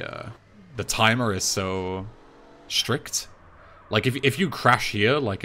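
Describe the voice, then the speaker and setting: A young man with an English accent, talking through a speedrun tutorial voice-over in a relaxed, chatty way, with plenty of fillers and restarts. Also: on the low side, slight background noise. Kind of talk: casual game tutorial voice-over.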